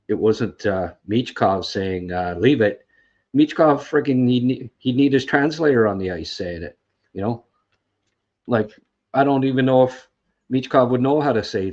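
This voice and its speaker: A man with a fairly low voice hosts a casual recap on a livestream. He rambles, sounds frustrated, and keeps restarting his sentences around fillers. The sound is dull and lo-fi. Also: darkish tone. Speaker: podcast host.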